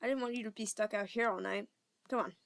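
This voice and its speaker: A young woman reading an amateur audiobook, voicing a cheerful, eager eleven-year-old schoolboy in a bright, upbeat way. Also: mid-range voice, fairly even intonation, quick pace, creaky, lightly acted.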